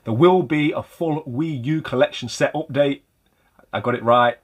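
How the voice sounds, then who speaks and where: A man's voice: medium pitch, moderate pace. A man hosting a casual vlog about retro game pickups, chatty and rambling with a light self-mocking humor. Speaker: retro game collector and channel host.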